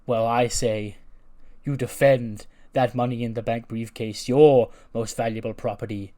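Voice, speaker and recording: A man voicing a towering male wrestler who issues a slow, taunting challenge, his words drawn out. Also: medium pitch, steady tone, dark tone, natural voice.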